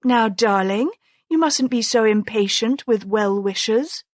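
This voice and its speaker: A woman voicing a sharp-tongued young noblewoman in an audiobook, with an arch, teasing manner. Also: a little high, a little slow, no room sound. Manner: arch, teasing, mock-concerned.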